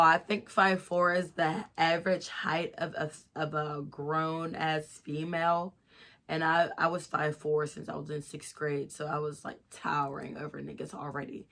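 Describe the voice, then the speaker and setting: A woman's voice: low voice, steady tone, normal speed, a bit bright. A young woman telling a story to her viewers in a chatty, giggly way, a little tipsy and stuffy-nosed. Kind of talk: casual storytime vlog.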